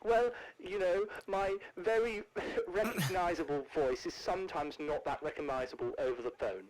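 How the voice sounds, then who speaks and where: A man's voice: sits high, a little slow, voice pushed up, rough recording. A man putting on the voice of a posh, theatrical older English actress who drawls and calls everyone darling. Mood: grandly theatrical. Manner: plummy, drawling, calls people darling and dear. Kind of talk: comedic celebrity impression.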